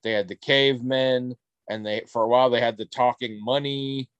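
A man co-hosts a podcast in loose, casual chat. He rambles in an animated way and drops swear words as he goes. His voice sits at a middling pitch, and the sound is dry and close with no room around it. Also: moderate pace, smooth, dry recording, highs cut off. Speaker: podcast co-host.

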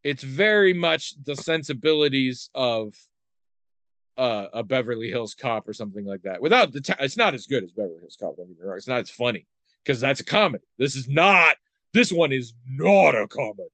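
A man's voice: mid-range voice, sing-song, brisk, sharp tone, dry recording. A man chatting casually as a podcast host, rambling and wry with plenty of ums and likes. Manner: rambling, wry, many fillers. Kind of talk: casual chat.

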